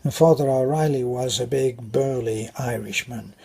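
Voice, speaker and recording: A man's voice: mid-range voice, steady tone, unhurried, creaky, warm tone, husky. An older British man telling rambling stories about his childhood. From Britain. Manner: rambling, anecdotal, with restarts. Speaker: vlogger. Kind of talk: casual storytelling.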